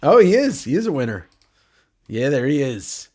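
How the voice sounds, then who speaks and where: A man's voice: medium pitch, big pitch swings, normal speed, mellow. Nasal man rambling on a livestream. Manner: rambling, joking, swears freely. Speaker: livestream host. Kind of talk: casual livestream chat.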